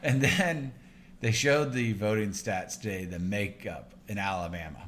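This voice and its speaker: Low-voiced man explaining calmly. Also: a little slow, slight background noise. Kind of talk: casual chat.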